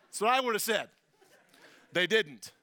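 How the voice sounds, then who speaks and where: A man preaching a sermon, telling the story with animated, jokey asides that swing from quiet to loud. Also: high voice, measured pace, no echo. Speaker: pastor.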